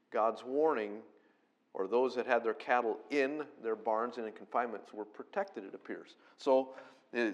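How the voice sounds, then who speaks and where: A man preaching a conversational sermon, explaining scripture verse by verse and rising to loud, emphatic peaks when he quotes it. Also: medium pitch. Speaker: pastor.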